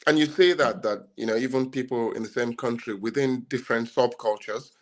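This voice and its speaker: A man's voice: medium pitch, fairly quick. Rambling man in podcast debate. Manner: rambling, many restarts and fillers. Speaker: podcast co-host. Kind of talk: casual debate chat.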